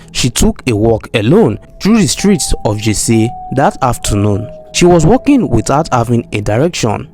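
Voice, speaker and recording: A man's voice: mid-range voice, a little mellow. Man telling a folktale. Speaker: storyteller. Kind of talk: folktale narration.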